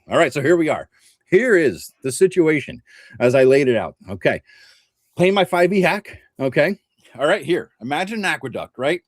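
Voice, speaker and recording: A middle-aged man, a regular host and game master, telling a story in casual chat, swearing often and switching into animated quoted voices. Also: medium pitch, no room sound, studio quality.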